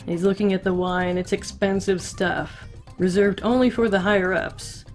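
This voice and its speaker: A woman's voice: mid-range voice, steady tone, normal speed, soft background music. A woman recapping an anime episode in casual narration, chatty and sarcastic, leaning on lots of "like" fillers.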